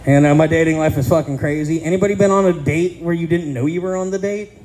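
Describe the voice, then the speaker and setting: A man's voice: a little high, quick pace, darkish tone, low-quality recording. A man in his thirties doing a crude, self-deprecating stand-up comedy set with punchy delivery on a casino stage. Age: 30s.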